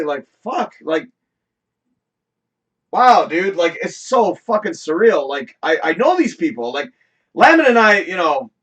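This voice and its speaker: A man's voice: on the high side, a bit bright, slightly rough, far from the mic. A man hosting a live talk show, reminiscing in a rambling, emotional way, often swearing and laughing. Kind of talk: casual chat.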